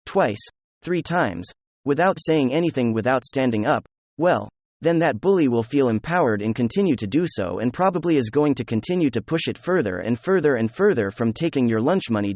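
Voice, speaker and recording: A man's voice: medium pitch, darkish tone, no echo. A man commenting on political news who reads quotes aloud and talks straight to his viewers.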